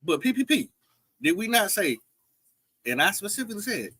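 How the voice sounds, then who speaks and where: A man, insistent in a heated casual debate, repeating himself, his voice jumping high. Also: big pitch swings, normal speed, sharp tone, breathy edge, dry recording.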